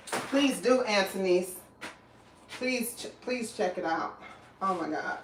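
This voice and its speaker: A woman's voice: medium pitch, measured pace, long pauses, fairly bright tone. A woman hosting a live cooking stream in her kitchen, chatting casually and rambling as she greets viewers and reads out their comments. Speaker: cooking livestream host. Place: home kitchen. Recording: echoey room, faint background noise.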